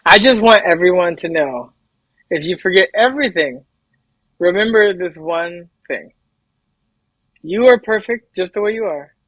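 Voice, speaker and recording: A man speaking very fast and hyper as a podcast guest in a casual interview chat. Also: high-pitched, expressive, fairly bright tone, dry recording, low-quality recording.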